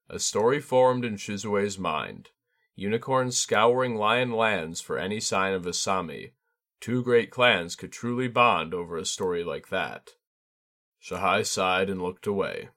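Low-voiced man narrating a story. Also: measured pace, fairly bright tone.

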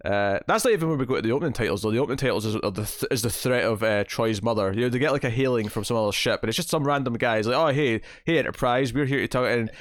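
Male podcast co-host, middle-pitched, animated and rambling, dry close sound. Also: very fast, hardly any pauses, dry recording. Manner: rambling, animated recapping of episode scenes. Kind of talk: casual chat.

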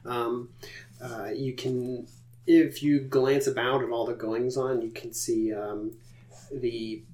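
A man's voice: mid-range voice, flat delivery, slow, a little mellow. Rambling man narrating as game master. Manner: rambling, many fillers.

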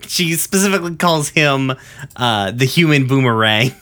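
On a podcast, a man with an expressive, sharp-toned voice recaps an episode casually at a moderate pace. He rambles with plenty of ums and uhs, throws in curse words, and acts out quotes in higher voices.

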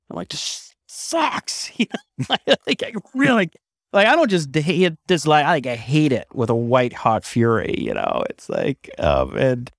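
Man, podcast co-host, casual chat, emphatic, restarts a lot, mid pitch, dry close sound. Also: creaky, dry recording. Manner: emphatic, animated storytelling with frequent restarts.

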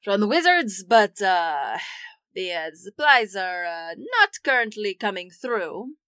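Woman doing a male cellar keeper, hesitant, halting speech, smooth clear tone. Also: mid-range voice, very animated, sharp tone, no echo, heavily acted. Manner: halting, full of ums.

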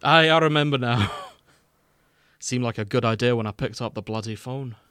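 A man's voice: medium pitch, normal speed, fairly bright tone, clean tone, dry recording, studio quality, lightly acted. A man voicing a drunk, tearful Scottish demolitions man who talks in rambling, slurred bursts, in a put-on Scottish accent.

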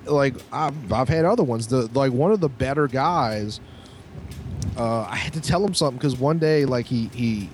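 A podcast co-host chats loosely, stringing his story together with filler words and jumping up in pitch for quoted lines. His voice sits at a middle pitch. A faint noise sits behind him. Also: normal speed, darkish tone. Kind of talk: casual storytelling chat.

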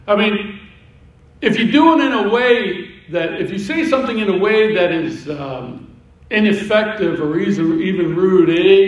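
High-voiced preacher in an echoey church. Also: male voice. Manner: conversational preaching with repetitions and asides. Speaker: pastor. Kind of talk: sermon. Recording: echoey room, voice from a distance.

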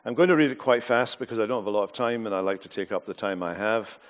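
A man's voice: on the low side, fast. A man with a Scottish accent giving a sermon, joking drily and then reading scripture aloud. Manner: joking, dry humor before reading. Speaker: preacher. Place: university hall.

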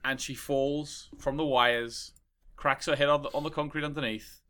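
A man hosting a casual podcast chat at a mid pitch. His voice is bright and forceful. He explains things eagerly and keeps checking that his listener is following. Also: steady tone, normal speed. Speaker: podcast host.

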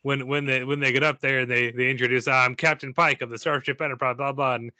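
A man's voice: medium pitch, fairly even intonation, fast talker, sharp tone, no room sound. A man doing an impression of his absent podcast co-host, a chatty sci-fi fan who gushes and wanders off into tangents. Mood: gushing. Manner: chatty, digressive, gushing.

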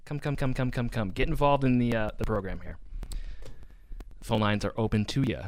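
A man hosting a call-in radio show, laid-back and deadpan, a little hesitant. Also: mid-range voice, normal speed, a little hiss or hum.

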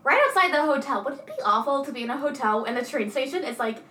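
Bright-voiced young woman in an echoey room. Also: high-pitched, quick pace. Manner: giggly, lively quoting of characters. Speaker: co-host recapping a film. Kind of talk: casual chat.

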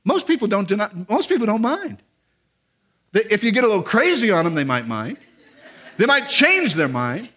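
Male guest preacher, high-pitched, earnest and conversational sermon delivery that swells into emphatic exhortation. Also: very animated, moderate pace, pushed and bright. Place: church sanctuary.

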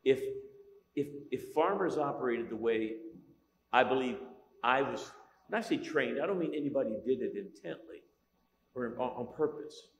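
Middle-aged pastor joking through a sermon, lots of restarts, roomy church sound. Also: male voice, medium pitch, normal speed. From Italian-American. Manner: joking, storytelling, many restarts. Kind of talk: humorous sermon. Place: large church hall. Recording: echoey church hall.

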